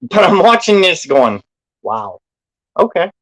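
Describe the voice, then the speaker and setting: A man's voice: a little high, expressive, normal speed, fairly bright tone, poor audio. A man talking in a casual live stream chat as a guest, self-deprecating and laughing easily. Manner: self-deprecating, chuckles often.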